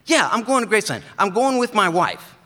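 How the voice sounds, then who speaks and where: A man voicing an eager, friendly neighbor who keeps repeating the same question, in a raised, excited voice. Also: brisk, exaggerated voice. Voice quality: high, excited, repetitive. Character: warm eager man greeting his mail carrier.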